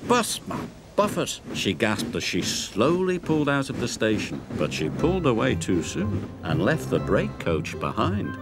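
A man narrating a children's story in an animated storyteller's manner, over music. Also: fairly low pitch, normal speed, few pauses. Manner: animated, storyteller's sing-song.

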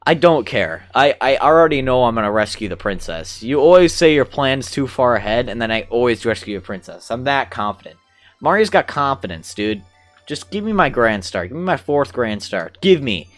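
An excitable young man chatting casually while playing a video game, with sudden excited outbursts. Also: mid-range voice, brisk. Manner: chatty, excitable, mild swearing substitutes. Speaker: gamer. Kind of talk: casual gameplay commentary.

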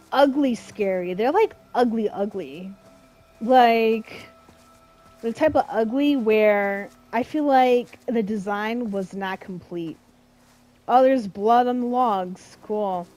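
A woman's voice: on the high side, a little mellow, rough recording. A woman streamer giving chatty, reactive let's-play commentary and swearing casually as she plays. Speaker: gameplay streamer.

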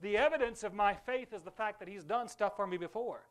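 A man's voice: sits high, fairly quick, fairly bright tone. A man pastor preaching a fervent sermon in a church, calling on the congregation to repeat after him. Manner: fervent preaching with call-and-response. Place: church sanctuary.

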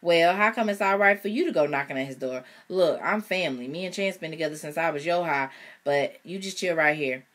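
A woman voicing a wary young man who hushes and orders others around. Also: sits low, brisk. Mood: warning.

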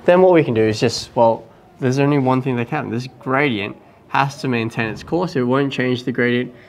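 A man's voice: medium pitch, a little hiss or hum. A man teaching a maths lesson in a casual talk-through, thinking aloud and often checking with "right?". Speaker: math teacher.

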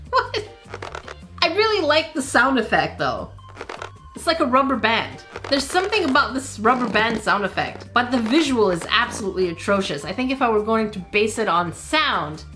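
A woman hosting a gaming video, talking through mobile games in casual let's-play commentary and reacting aloud with laughs and quick exclamations. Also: mid-range voice, fairly bright tone.

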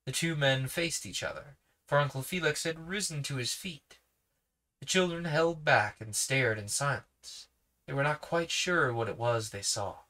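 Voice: medium pitch, normal speed, pushed and bright. A sleepy reader narrating a children's novel aloud with casual asides. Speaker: podcast reader.

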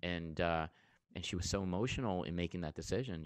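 A man's voice: low-pitched, fairly quick, dry recording. A man giving a casual interview as a comedian and TV host, telling an earnest story and often restarting his sentences.

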